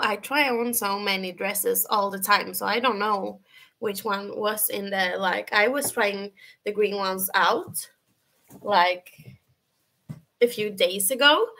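Slow-talking woman streamer. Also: medium pitch, vocal fry, pushed and bright. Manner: chatty, rambling, heavy use of "like". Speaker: livestream host. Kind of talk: casual livestream chat.

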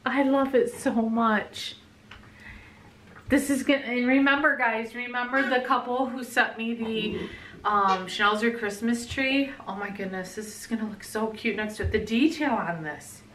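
A middle-aged woman vlogging at home, gushing over gifts and often dropping into a hushed whisper. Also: a little high, moderate pace, far from the mic, a little hiss or hum. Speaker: pet vlogger. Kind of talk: casual vlog, unboxing gifts. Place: bedroom at home. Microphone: camera mic. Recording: roomy home audio, slightly off-mic.

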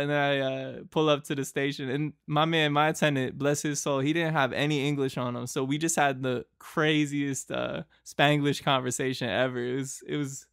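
A man's voice: a little high, a bit bright, clear, resonant tone, dry recording, clean studio sound. A young man from Boston, hosting a podcast and telling a travel story in a loose, rambling way, full of fillers and laughs. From Boston, United States. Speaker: podcast host.

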